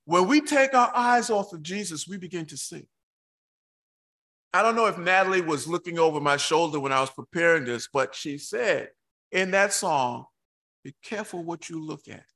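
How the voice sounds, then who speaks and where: A man preaching a sermon, reading scripture slowly and emphatically with dramatic pauses, breaking into excitable asides. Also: a little high.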